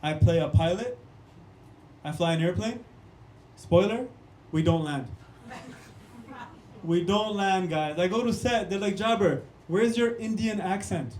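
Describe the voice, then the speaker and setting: A man's voice: high voice, a little slow, long pauses, a little mellow, slight background noise. A young man, doing a punchy stand-up comedy set on a club stage and talking straight to the crowd. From Canada. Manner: punchy, keeps calling the crowd "guys" and "man". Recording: echoey room.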